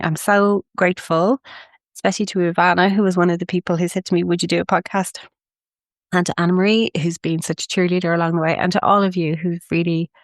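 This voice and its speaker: An Irish woman hosting a reflective spiritual podcast, a bit gravelly and sniffly from a head cold, talking in a gently effusive, repetitive way. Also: on the low side, no echo, clean studio sound. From Ireland. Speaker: podcast host.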